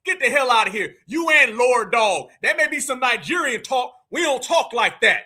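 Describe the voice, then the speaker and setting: Loud, very high, bright-voiced male host. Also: lively intonation, moderate pace, breathy edge. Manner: loud, mocking, often shouting. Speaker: livestream host reacting to a clip. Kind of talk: heated commentary.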